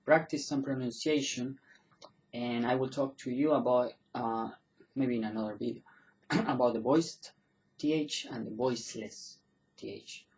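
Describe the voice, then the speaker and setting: A man teaching pronunciation in a relaxed online video, with a voice of middling pitch. He repeats each example word slowly so learners can copy it. He often trips, backs up and apologizes before carrying on. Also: low-quality recording. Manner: loose and self-correcting, often apologizing and restarting. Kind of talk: casual online video lesson.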